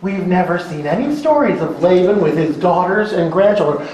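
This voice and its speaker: A man teaching a Bible lesson, animated and dramatizing the text with frequent laughs. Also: high-pitched, normal speed. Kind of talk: scripture lesson lecture. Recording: echoey room, faint background noise.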